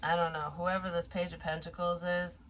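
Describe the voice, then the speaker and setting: Woman, psychic tarot reader, casual chatty reading, lowish voice, swears freely, thinks aloud. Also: level tone, brisk, a bit bright, a little hiss or hum, poor audio.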